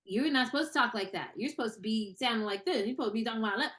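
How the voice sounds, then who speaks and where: A young woman, a screenwriter and actor, talking in a casual interview, animated and full of fillers and restarts. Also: fairly high pitch, racing. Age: young adult. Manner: animated, many fillers and repeated starts.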